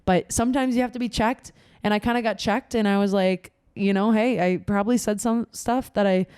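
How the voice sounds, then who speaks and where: A woman's voice: medium pitch, steady tone, brisk, a little mellow, clean tone, no room sound, clean studio sound. A woman in her twenties co-hosting a podcast, telling candid stories in a rambling, filler-heavy way. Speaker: podcast co-host. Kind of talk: casual chat.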